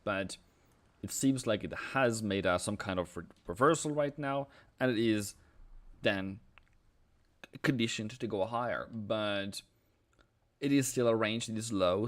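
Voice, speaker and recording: A man's voice: lowish voice, measured pace. A man with a Norwegian accent, a forex trader, chatting casually on a live stream, joking, thinking aloud and reading out chat messages.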